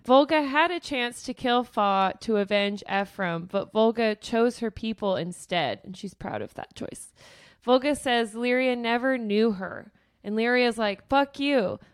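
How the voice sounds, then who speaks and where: A woman co-hosting a podcast, recapping book chapters in casual chat, animated and swearing freely as she acts out characters' lines. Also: a little high, measured pace, clear, resonant tone, no room sound, clean studio sound. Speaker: podcast co-host.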